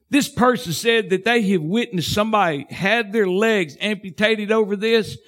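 Fervent preacher with a lively high voice. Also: male voice. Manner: fervent, folksy, swings from shouts to hushed tones. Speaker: pastor. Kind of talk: sermon.

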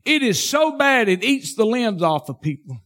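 A man preaching a sermon as pastor, fervent and folksy, swinging from shouts to hushed tones. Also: high-pitched, very animated, moderate pace.

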